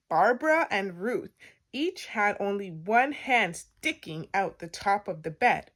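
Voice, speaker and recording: Slow, animated woman reading a kids' story. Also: medium pitch. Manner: expressive, with sound effects and playful emphasis. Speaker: storytime reader. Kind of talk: children's read-aloud.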